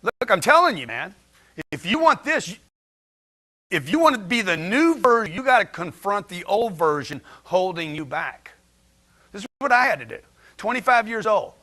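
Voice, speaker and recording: A man's voice: high voice, big pitch swings, normal speed, bright, forceful tone. A man giving a blunt, slangy motivational talk to a livestream chat, firing rhetorical questions at his audience. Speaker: motivational speaker.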